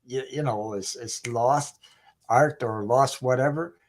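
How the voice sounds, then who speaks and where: A man in a casual group conversation, musing in halting, restarting speech. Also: mid-range voice. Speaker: participant.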